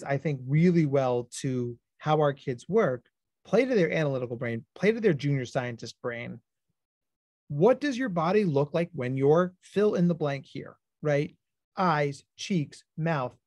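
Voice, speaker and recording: High-energy male psychologist, dry sound. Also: a little mellow, dry recording. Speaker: clinical psychologist. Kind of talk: educational webinar presentation.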